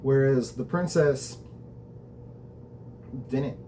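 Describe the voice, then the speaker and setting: A man's voice: mid-range voice, very slow, warm tone, slight background noise. A man hosting a show, casually recapping a TV episode in a conversational, reflective way, with the odd swear word.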